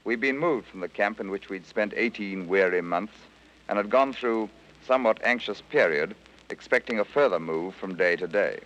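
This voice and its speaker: A man, a former prisoner of war, giving a measured, scripted first-person account for radio. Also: lowish voice, a bit bright. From Britain. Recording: dull archival radio recording.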